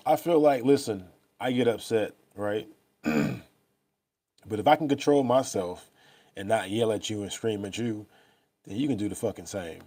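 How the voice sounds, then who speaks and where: A young man speaks in a low, mellow voice. He rambles loosely and swears freely, talking straight to his viewers. It sounds like a casual live stream picked up by a laptop mic. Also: animated, moderate pace. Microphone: laptop or phone mic.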